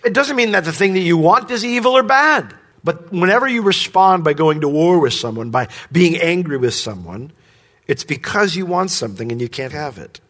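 Man, pastor, sermon, slightly high voice, big swings in pitch and volume. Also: sing-song, normal speed. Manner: rises sharply in pitch and volume when voicing the criminal's demands; drops low and soft at the ends of phrases.

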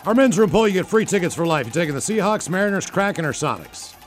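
A man's voice: sits high, sing-song, fast, slight background noise. A man co-hosting a comedy radio show, upbeat and playful with callers. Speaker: radio co-host.

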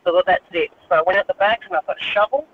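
A woman calling in to a radio show, telling a fed-up, animated story. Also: lowish voice, very fast, a little hiss or hum. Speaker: radio caller. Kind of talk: phone-in storytelling. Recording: tinny distant phone line.

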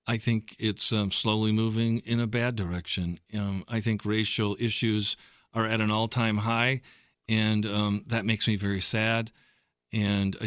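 A male pastor speaks earnestly as an interview guest, his voice on the lower side. The recording is close and dry, and he thinks aloud reflectively between his points. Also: fairly bright tone, smooth, no echo. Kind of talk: interview answers.

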